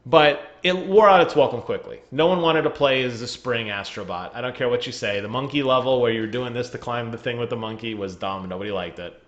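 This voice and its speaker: A man's voice: medium pitch, a little fast, hardly any pauses, fairly bright tone, lo-fi sound. A man chatting casually on a gaming podcast over a remote call, joking and laughing often. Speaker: podcast co-host.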